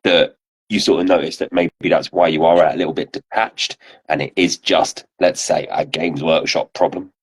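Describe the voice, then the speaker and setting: A man's voice: extremely low pitch, fairly even intonation, moderate pace, slightly rough, poor audio. A man hosting a podcast, asking long, rambling questions in casual chat. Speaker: podcast host.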